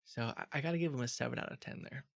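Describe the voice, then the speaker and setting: A man narrating scripted commentary in a dry, analytical tone. His voice sits at an ordinary pitch with a gravelly fry running through it. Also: racing, dry recording. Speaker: video commentator.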